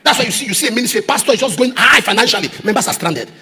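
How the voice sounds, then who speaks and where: Fiery pastor preaching in a hall. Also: male voice, extremely high pitch, lively intonation, racing, slightly rough. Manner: preaching with repeated refrains, rising to shouts. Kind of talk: sermon. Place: large church auditorium. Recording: echoey church hall.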